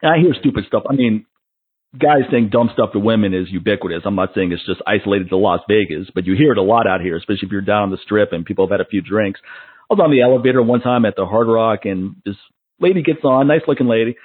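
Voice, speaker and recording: A man hosting a podcast, chatting casually and acting out little stories with animated voices. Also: lowish voice, fast talker, husky, dry recording. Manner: animated storyteller who mimics others. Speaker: podcast host. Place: Las Vegas. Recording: narrow phone-like sound.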